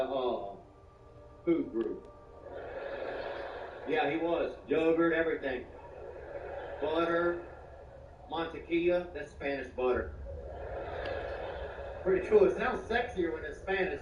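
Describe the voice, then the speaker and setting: A man doing rambling, deadpan stand-up comedy, filling his lines with "you know.". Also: fairly high pitch. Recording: echoey, distant, dull, noisy live room.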